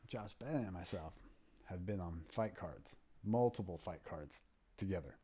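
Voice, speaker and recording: A man in his fifties with a low, husky voice spins loose, rambling anecdotes as an interview guest. When he quotes someone, his voice sinks to a hushed near-whisper before picking back up. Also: animated, normal speed. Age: 50s. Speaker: guest, MMA fighter and trainer. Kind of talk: casual interview storytelling.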